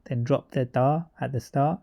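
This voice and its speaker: A man's voice: mid-range voice, normal speed, vocal fry, warm tone. A man teaching an Arabic grammar lesson, walking through verb charts step by step with frequent fillers and self-corrections.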